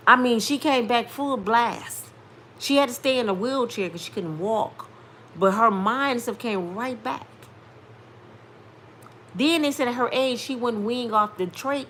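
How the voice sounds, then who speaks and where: A woman in her fifties, a vlogger, talks directly to her viewers and tells her testimony as a casual story in an emphatic, preacher-like way. Her medium-pitched voice is bright and forceful, and she speaks slowly.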